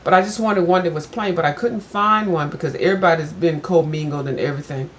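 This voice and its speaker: A woman's voice: deep voice, quick pace, slight background noise. An older woman, chatting casually to her viewers and telling a story with lots of asides. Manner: chatty, addresses viewers as "girl", animated when retelling. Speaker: vlogger.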